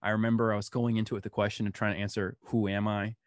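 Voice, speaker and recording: A man being interviewed, telling personal stories in an animated way and laughing as he goes. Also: fairly low pitch, racing, no room sound. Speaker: guest. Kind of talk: storytelling interview.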